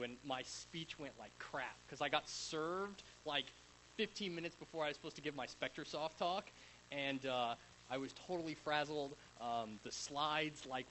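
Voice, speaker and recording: A man's voice: mid-range voice, fairly bright tone, a little hiss or hum, poor audio. A young man giving a casual, rambling talk at a tech conference in front of a live audience, with many fillers and restarts. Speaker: conference speaker.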